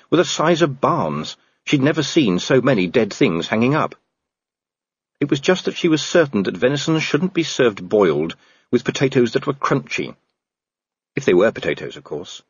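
A man reading fantasy fiction aloud as an audiobook narrator, wry and measured, on a slightly dull, dry recording. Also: lowish voice, slightly rough, no room sound.

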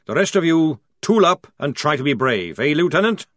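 A man doing a gruff commanding sergeant. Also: a little high, big pitch swings, moderate pace, a bit bright, no echo, studio quality, pitched above the performer's own voice. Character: gruff older male army sergeant, commanding.

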